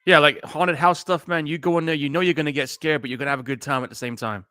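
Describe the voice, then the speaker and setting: A man co-hosting live movie commentary, chatting with excitable, laughing banter. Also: fairly high pitch, quick pace, dry recording, studio quality. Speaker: co-host.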